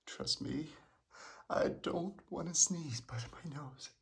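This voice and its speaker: A woman playing an allergic young woman hiding in a closet, speaking in a hushed, pleading, strained whispered role-play. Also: deep voice, slow, gravelly, exaggerated voice. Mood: tense.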